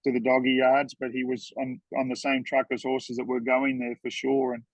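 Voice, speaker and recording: On a dry, poor-quality recording, a horseman appears as a podcast guest, sharing heartfelt stories with earnest feeling and repeating words when moved. His gravelly, medium-pitched voice keeps a level tone at a moderate pace.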